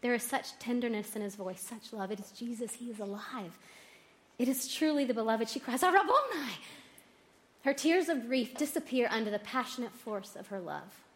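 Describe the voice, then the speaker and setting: Woman reading scripture expressively. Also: fairly high pitch. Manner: slow, expressive reading, voicing the quotes. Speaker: scripture reader. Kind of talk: devotional reading with reflection.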